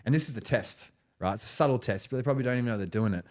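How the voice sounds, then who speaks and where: A man's voice: mid-range voice, racing. A man, a podcast guest, telling stories in casual conversation, rambling and restarting phrases, with frequent "you know" and "right".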